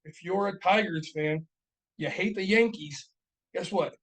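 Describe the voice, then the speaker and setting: A man's voice: high-pitched, unhurried, fairly bright tone, rough recording. A man co-hosting a casual podcast, talking bluntly and profanely, rambling with lots of "like" and "right?". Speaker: podcast co-host.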